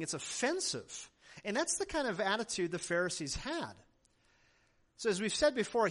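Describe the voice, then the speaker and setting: A male pastor delivers a sermon with a lively, swooping delivery that rises and falls through each point. He hammers ideas home with repeated phrases, then drops into easygoing asides to the congregation. His voice sits a bit high for a man. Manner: emphatic preaching with repeated phrases; conversational asides.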